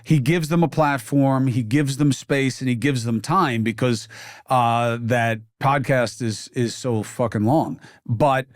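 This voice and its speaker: A man's voice: medium pitch, a little slow, dry recording, studio quality. A man hosting an interview, blunt and assertive, cutting in to push his own opinions. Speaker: podcast host, interviewer.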